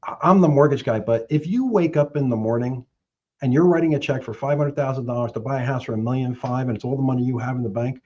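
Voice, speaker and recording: A middle-aged man, a mortgage professional, giving animated sales advice and acting out both sides of phone calls. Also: mid-range voice, fast talker, lo-fi sound, slight background noise. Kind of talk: animated sales coaching talk.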